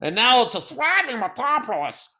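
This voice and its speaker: A man's voice: very high-pitched, very animated, normal speed. A man co-hosting a comedy podcast in profane, sarcastic casual chat. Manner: sarcastic, profane, loud impressions. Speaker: podcast co-host.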